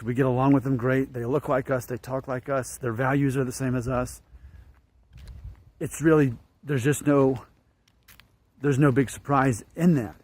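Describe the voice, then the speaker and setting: A man's voice: mid-range voice, darkish tone. Rambling man musing on camera. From northern Alabama, United States. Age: late 30s. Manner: musing, repeats himself, trails off. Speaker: vlogger. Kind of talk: casual monologue to camera.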